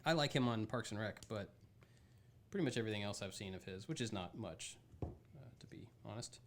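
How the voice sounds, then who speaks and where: A man's voice: on the low side, animated, a little fast, slight background noise. Hesitant man on a casual podcast. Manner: hesitant, trails off with "I don't know". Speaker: podcast co-host.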